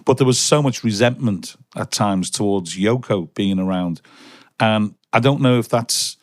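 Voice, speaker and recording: A man's voice: lowish voice, unhurried, no room sound, clean studio sound. A man hosting a podcast interview, asking long questions full of restarts. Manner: rambling questions with many restarts. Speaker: podcast host.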